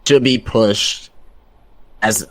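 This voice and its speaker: A man's voice: on the low side, very slow, dry recording. A man chatting casually on a wrestling podcast, rambling with lots of fillers and asking for agreement. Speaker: podcast guest.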